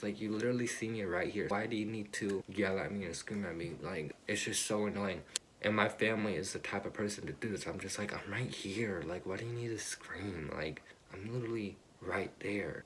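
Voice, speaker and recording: Teen boy vlogger, deep low voice, exasperated casual rant, heavy on "like". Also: a little hiss or hum. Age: teens. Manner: exasperated, repetitive, fillers of "like".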